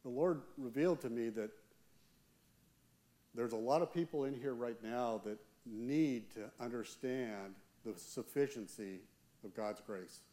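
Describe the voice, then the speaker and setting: A man, a church elder, preaching a sermon with earnest, slow, emphatic pauses. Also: medium pitch, warm tone.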